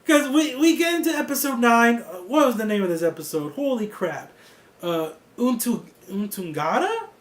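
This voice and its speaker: A man giving a casual, excitable review of a TV series, laughing often and swearing freely. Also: high voice, normal speed, reverberant. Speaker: TV show reviewer.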